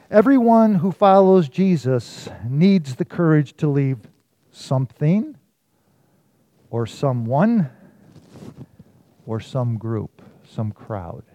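A man preaching a sermon, telling a story and swinging from loud emphasis to hushed, quiet lines. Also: fairly high pitch. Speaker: pastor.

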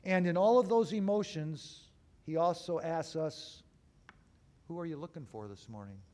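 A man preaching an Easter sermon as a pastor, moving between raised, emphatic phrases and hushed, slow ones with deliberate pauses. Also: on the high side. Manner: dramatic swings between loud and hushed.

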